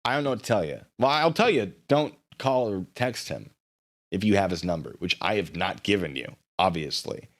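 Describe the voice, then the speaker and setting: A man with a fairly low voice hosts a livestream commentary. His pitch jumps around with lively swings. His tone is sarcastic and mocking as he reads out and answers messages. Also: moderate pace. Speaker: livestream host.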